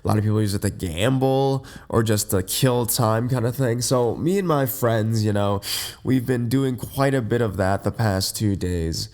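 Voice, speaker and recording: Groggy just-woken man, low voice. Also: normal speed, a little mellow. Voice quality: deep, slightly congested. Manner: rambling, many fillers and restarts. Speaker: podcast host. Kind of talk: casual unscripted podcast monologue. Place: in bed at home.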